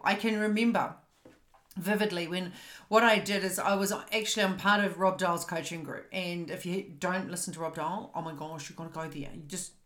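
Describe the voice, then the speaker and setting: A woman in her fifties with a New Zealand accent, a podcast host and coach telling a personal story in a fast, animated, frank way. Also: lowish voice, roomy sound. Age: 50s.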